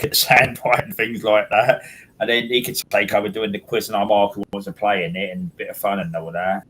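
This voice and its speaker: A man's voice: on the low side, a little hiss or hum, poor audio. Rambling man chatting. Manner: rambling, repeats words and restarts. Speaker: host. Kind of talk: casual chat.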